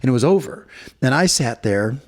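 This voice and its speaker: At a moderate pace and with an expressive mid-range voice, a middle-aged podcast co-host rambles through a story from a hotel room. In casual chat, he acts out the things other people said.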